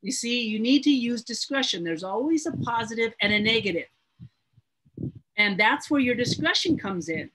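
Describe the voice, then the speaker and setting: Woman Bible teacher, husky, higher voice, earnest and emphatic. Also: animated, moderate pace, fairly bright tone, rough recording. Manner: earnest, emphatic, repeats words. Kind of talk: teaching a Bible study class.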